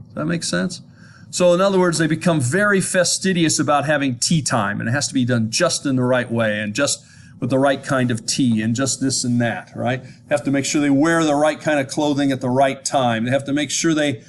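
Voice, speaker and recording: A man's voice: mid-range voice, steady tone, brisk, a little hiss or hum. An American man giving an informal lecture, talking conversationally and often checking whether his listeners follow, with frequent restarts. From United States.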